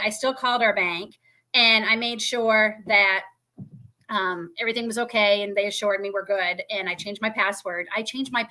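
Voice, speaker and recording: A woman's voice: fairly high pitch, bright, forceful tone. A woman, hosting a live stream from indoors by a fireplace, talking to viewers in an emotional, grateful, rambling way with many fillers. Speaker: homestead channel host. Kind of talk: casual livestream chat to viewers.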